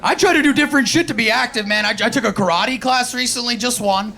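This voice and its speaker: Speaking in an extremely high, creaky voice at a fast clip, a man with a New York accent tears through a profane stand-up set in front of a live crowd. He's from Queens, New York City, and brashly impersonates the people he quotes while the audience laughs.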